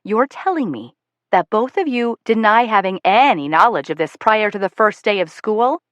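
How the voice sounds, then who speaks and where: A woman's voice: mid-range voice, lively intonation, normal speed, dry recording, highs cut off, lightly acted. A woman reading an audiobook, voicing a stern, protective middle-aged mother who speaks firmly and accusingly. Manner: firm and accusing. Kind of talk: audiobook character voice.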